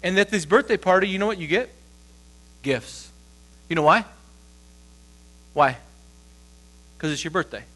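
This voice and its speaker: A man in his thirties preaches in church with a high voice. His delivery is casual and conversational, and he throws questions out to the congregation before answering them himself. A faint mains hum sits under the recording. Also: expressive, a little slow, pauses often, low-quality recording. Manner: rises high and loud when acting out lines. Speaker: pastor. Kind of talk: sermon.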